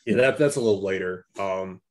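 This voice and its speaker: A young man co-hosting a casual movie review chat, talking in halting bursts full of restarts and repeats. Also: low voice. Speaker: podcast co-host.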